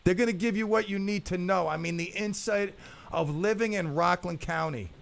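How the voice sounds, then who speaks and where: A middle-aged man hosts a talk radio show in a high, gravelly voice. He jokes around and rambles, stumbling over his words as he goes. He speaks into a studio microphone. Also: normal speed. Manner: jokey, rambling storyteller with many restarts. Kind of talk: casual talk radio banter.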